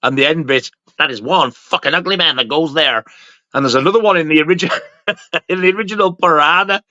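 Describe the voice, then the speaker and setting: A man's voice: a little high, a little fast, sharp tone, no room sound, muffled recording. A man on a casual movie livestream, blunt and swearing a lot as he laughs through his stories. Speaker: regular panelist on a movie livestream. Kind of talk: casual chat on a live stream.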